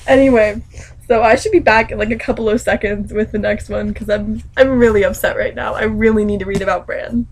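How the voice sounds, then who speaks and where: A woman's voice: fairly high pitch, steady tone, brisk, rough recording. A young woman at home, ranting and gushing as she recaps a book chapter in a casual vlog.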